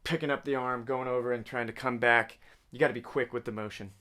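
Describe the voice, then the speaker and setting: A fast-talking man with a mid-range voice, steady yet bright and forceful, teaches drums informally. He sings the patterns as syllables, counts out beats, and calls right and left stickings, with drums and music going in the background.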